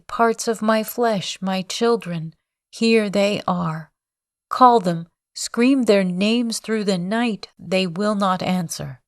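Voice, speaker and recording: A woman's voice: mid-range voice, dry recording, clean studio sound. A woman voicing a grief-crazed old man. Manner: anguished, bitter, raving cries. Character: grief-maddened old man, bitter and wild.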